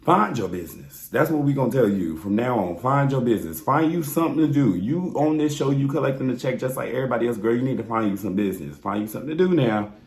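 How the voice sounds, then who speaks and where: A man's voice: mid-range voice, lively intonation, fast, few pauses, a little mellow. A man giving a blunt, sassy, profanity-laced recap of a reality show, talking straight to his viewers. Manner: sassy, blunt and exasperated, swears freely, talks straight to viewers. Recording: roomy echoey room.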